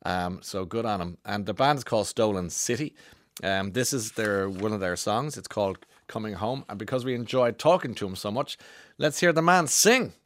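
A man's voice: on the low side, moderate pace, fairly bright tone, no echo. A man with an Irish accent hosting a radio show, reading out listener texts in a chatty way with enthusiastic interjections, on a studio microphone. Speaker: radio host.

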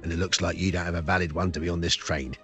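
A man's voice: low-pitched, little pitch movement, quick pace, creaky, fairly bright tone, soft background music. A man voicing a huge, thuggish male cat henchman in a children's story, sneering and grumbling. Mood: menacing.

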